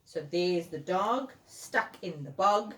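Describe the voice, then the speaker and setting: A woman reading a bedtime storybook to her child, animated and expressive with asides, in a roomy room at home. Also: fairly low pitch, slow pace. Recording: roomy echo.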